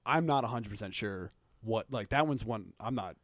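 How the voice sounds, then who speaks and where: A man in casual podcast chat, telling stories in an animated, giggly way with lots of filler words. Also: lowish voice, normal speed, no echo.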